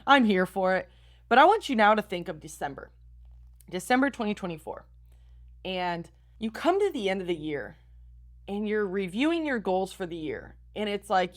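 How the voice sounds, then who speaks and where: A woman's voice: medium pitch, big pitch swings, normal speed. An upbeat young woman hosts a motivational podcast. She talks straight to her listeners and coaches them along with plenty of encouragement. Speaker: podcast host and style coach.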